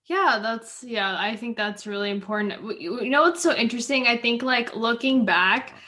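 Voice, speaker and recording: Upbeat woman host with a bright, high voice. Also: normal speed. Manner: enthusiastic and affirming, laughs easily, rambling questions. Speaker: podcast host. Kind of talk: casual interview chat.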